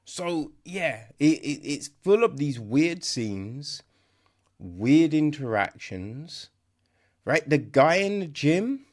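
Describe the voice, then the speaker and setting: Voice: medium pitch, sing-song, takes it slowly, darkish tone. A podcast host giving a casual, sarcastic film review, often asking "right?" and restarting sentences. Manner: sarcastic, mocks dialogue in exaggerated voices.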